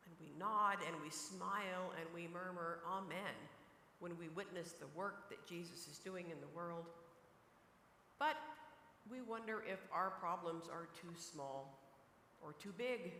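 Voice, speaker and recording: A woman pastor preaching a sermon from the pulpit, telling a Bible story in an animated way and quoting scripture. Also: on the low side, a little hiss or hum. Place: church sanctuary, at the pulpit. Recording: echoey church hall, faint ambience.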